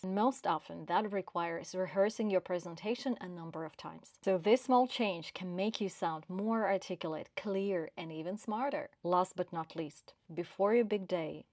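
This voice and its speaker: A woman with a non-native English accent giving career advice to camera in a measured, clear, emphatic way. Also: on the low side, darkish tone, dry recording, studio quality. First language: not English. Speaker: career coach.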